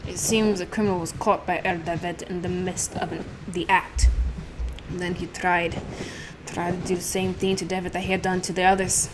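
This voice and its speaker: A woman's voice: on the low side, level tone, normal speed, background noise, lightly acted. A woman putting on a stiff, formal male investigator. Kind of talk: reading game dialogue aloud.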